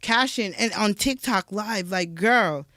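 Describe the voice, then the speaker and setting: Animated woman guest telling stories. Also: medium pitch, slow pace, dry recording, studio quality. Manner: animated storyteller who acts out other people's lines. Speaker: podcast guest. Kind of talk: casual conversation.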